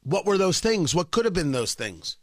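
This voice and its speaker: Animated combative radio host, man. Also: high voice, moderate pace, no room sound, clean studio sound. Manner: combative, sarcastic, emphatic repetition. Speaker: radio talk show host. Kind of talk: opinionated talk radio monologue.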